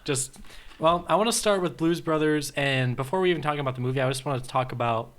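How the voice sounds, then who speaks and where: A young man cohosting a podcast in casual chat, relaxed and often chiming in with agreement. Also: on the high side, quick pace. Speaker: podcast co-host.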